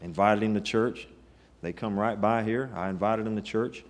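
A man's voice: lowish voice, steady tone, moderate pace. A man preaching a sermon, telling stories in a folksy, emphatic way with rising bursts. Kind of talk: sermon with storytelling.

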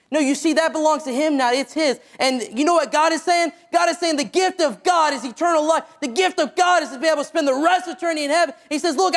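A man with a squeaky voice preaching an evangelistic sermon, stretching out key phrases and letting them drop low at the ends.

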